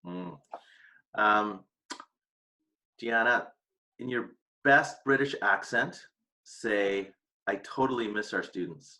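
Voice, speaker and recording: A man hosting a casual quick-question chat with colleagues, playful and teasing. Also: fairly low pitch, sharp tone. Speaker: host.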